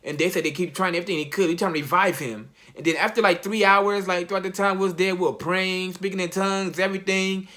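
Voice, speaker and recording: A young man, a college athlete, telling a personal story in a casual, slang-heavy, halting way. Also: high voice, fairly even intonation, a bit bright. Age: young adult.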